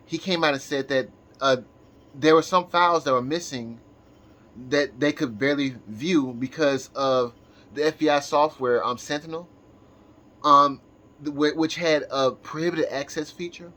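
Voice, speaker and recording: A tired man talking in a casual, halting monologue to his viewers, full of restarts and fillers. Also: on the high side, pushed and bright. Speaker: channel host.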